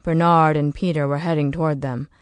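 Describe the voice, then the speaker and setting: A woman narrating an audiobook in a steady, measured way. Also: low-pitched, no room sound.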